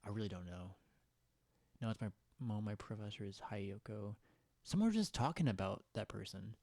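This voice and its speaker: A man's voice: lowish voice, expressive, normal speed, vocal fry, darkish tone, dry recording. A young man hosting a casual livestream, rambling and giggling as he chats with viewers and reads their comments. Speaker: livestream host.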